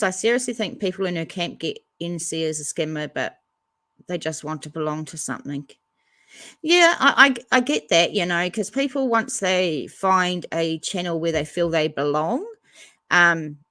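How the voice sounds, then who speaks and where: A woman's voice: fairly low pitch, normal speed, fairly bright tone, no echo. A woman hosting a casual livestream, reading out viewer comments and chatting back to them. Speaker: livestream host reading chat.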